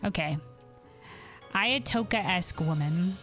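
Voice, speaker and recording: A woman's voice: on the low side, slow pace, fairly bright tone, soft background music. A young woman streaming a video game, chatting casually; she laughs often, swears, and restarts her sentences as she rambles. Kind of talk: casual live-stream chat.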